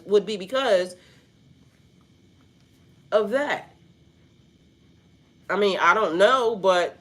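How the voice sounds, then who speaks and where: A woman's voice: mid-range voice, fairly bright tone. Woman spiritual vlogger, mid-range voice, loose and rambling, full of rhetorical questions and slangy asides. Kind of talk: casual spiritual talk.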